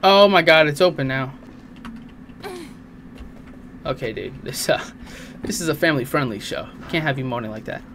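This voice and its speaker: A young man giving casual, crude, jokey let's play commentary on a horror game, swearing often and reacting loudly. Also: fairly high pitch, lively intonation, a little fast, a little hiss or hum. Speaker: gaming channel host.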